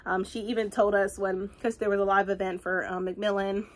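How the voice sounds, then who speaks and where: A woman reviewing a book in a casual vlog, talking in a chatty, rambling way full of fillers, with animated asides. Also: medium pitch, fairly quick. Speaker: book vlogger.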